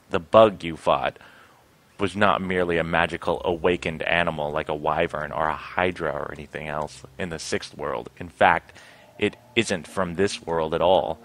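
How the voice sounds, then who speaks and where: A man's voice: deep voice, steady tone, unhurried, fairly bright tone. A man reading a teasing painted elf. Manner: reads plainly, says he can't do voices.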